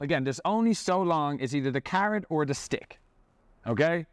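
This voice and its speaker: A man's voice: on the high side, lively intonation, normal speed, no echo, studio quality. A man running a business, delivering an angry, profane rant to camera. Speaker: business owner and vlogger.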